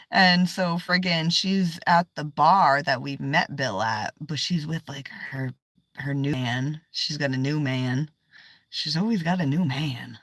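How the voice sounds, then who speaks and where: Woman tarot streamer, casual, slow and loose, cusses, slips into whispers, dry close sound. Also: low-pitched, fairly bright tone, no echo. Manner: swears freely, trails off, drops to whispers. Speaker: tarot livestreamer. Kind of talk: casual live-stream chat.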